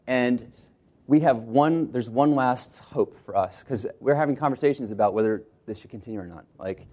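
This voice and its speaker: Man, co-founder storyteller, animated, does quick voices in his anecdotes. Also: mid-range voice. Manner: animated, acts out quotes in put-on voices. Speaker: startup co-founder telling his company's story. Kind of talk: storytelling talk to an audience.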